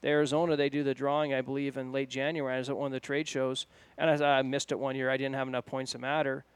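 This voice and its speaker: A man's voice: medium pitch, fast, clean tone, no echo. A man co-hosting a podcast, casually telling a personal story. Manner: chatty storytelling, even tone. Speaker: podcast co-host.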